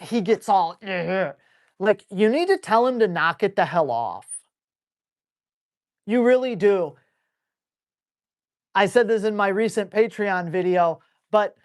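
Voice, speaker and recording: A blunt dog trainer answers viewer questions live, talking casually and roughly. This man scolds dogs out loud with playful toughness. His delivery is animated, swinging between quick bursts and slow, drawn-out phrases. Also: sits high. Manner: animated, switches between brisk and drawn-out speech. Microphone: live stream mic.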